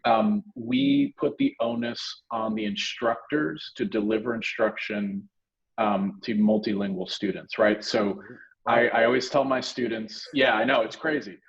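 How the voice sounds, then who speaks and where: A low, gravelly male instructor speaks in a loose, rambling way, full of "um" and "you know." The audio is slightly muffled and lo-fi, as if from a video call. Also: expressive, a little slow. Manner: rambling, filler-heavy. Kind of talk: casual video call discussion.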